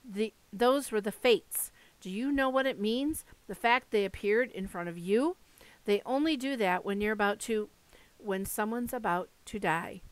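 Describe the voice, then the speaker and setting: A woman voicing a touchy, jittery young satyr boy, half goat, with a high nervous edge in an audiobook reading. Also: unhurried, no echo, natural voice. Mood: anxious. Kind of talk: audiobook character voice.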